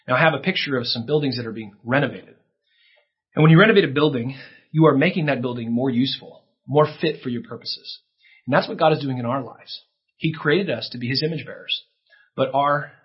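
A man's voice: mid-range voice, slightly rough, lo-fi sound. A man preaching a sermon in an earnest way, his voice rising for emphasis, with a few restarts. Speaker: pastor.

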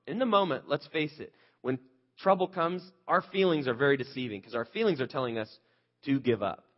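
A man's voice: mid-range voice, lively intonation, fairly quick, dull audio. A male pastor preaching a conversational sermon, earnest and candid, asking the listeners rhetorical questions.

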